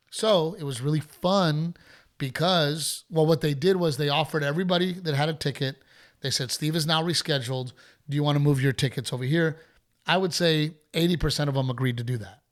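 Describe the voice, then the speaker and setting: Man, podcast host, casual storytelling, animated, slightly high voice. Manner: animated, acts out heckler voices.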